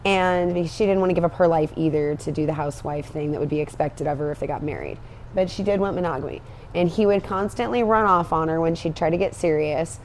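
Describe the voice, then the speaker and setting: A woman's voice: low voice, fast talker, a little hiss or hum. A young woman co-hosting a film podcast, chatting casually, blunt and laughing, swearing freely. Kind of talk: casual chat.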